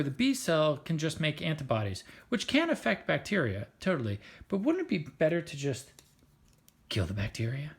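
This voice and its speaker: Guy explaining biology stuff, chatty and playful, kinda gravelly voice. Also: a little high. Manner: chatty, playful, with filler words. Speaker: science teacher. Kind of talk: casual explanatory lesson.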